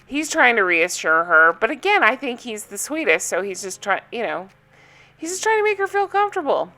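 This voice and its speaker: A woman's voice: fairly high pitch, very animated, fairly quick, bright, forceful tone. A woman vlogger chatting casually through a TV recap, blunt and opinionated, often laughing.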